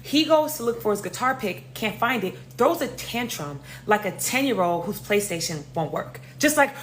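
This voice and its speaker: A woman from New tells a personal storytime in a lively, dramatic way, cursing freely. Her voice sits in a middle pitch. A faint hum runs under the recording. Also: brisk, hardly any pauses. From New York. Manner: animated, profane, dramatic storytelling. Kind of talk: casual storytime.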